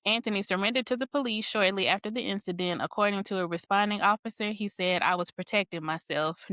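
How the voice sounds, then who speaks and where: A woman's voice: medium pitch, a bit bright, no echo. A woman co-hosting a podcast who reads out a case summary and then opens it up for discussion. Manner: reads case notes then turns to chat. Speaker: podcast co-host. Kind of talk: casual discussion with read-out summary.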